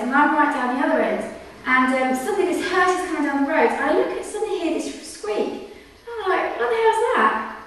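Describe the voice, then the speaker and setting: Woman rambling thru a funny story, lots of likes and ums, kinda high voice, big echoey room, mic far away. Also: fairly bright tone. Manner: chatty, full of "like" and "um", acts out quotes, giggles. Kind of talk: personal anecdote told live.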